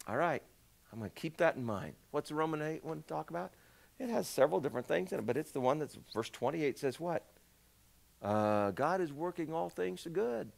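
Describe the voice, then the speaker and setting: A male pastor preaching a conversational sermon, swinging between shouts and hushed asides. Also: medium pitch.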